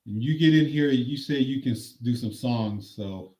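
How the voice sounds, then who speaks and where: A man's voice: medium pitch, normal speed, warm tone. A man hosting a casual sports chat, upbeat and laughing, reading out viewer comments. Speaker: host.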